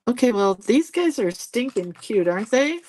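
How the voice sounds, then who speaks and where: A woman's voice: a little high, very animated, normal speed, a little mellow. A woman in her sixties hosting a live drawing stream, chatting casually as she paints. She laughs often and jumps between stories and viewer comments.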